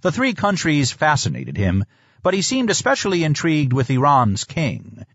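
Brief: male audiobook reader, expressive and measured, animated pitch, played back as a dull lo-fi clip. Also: breathy edge, no echo. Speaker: audiobook narrator. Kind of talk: scripted audiobook narration.

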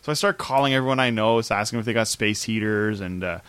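A man's voice: lowish voice, quick pace, a bit bright, smooth, dry recording. A man in his thirties from Canada, telling a story in a casual chat, acting out quoted voices and laughing often. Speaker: podcast co-host.

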